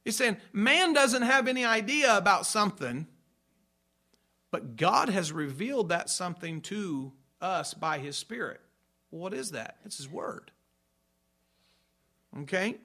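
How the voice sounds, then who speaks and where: A male pastor preaches a sermon in a high, bright voice with lively intonation and a measured pace. He drives his points home emphatically, repeating them and pausing to ask whether the congregation is following.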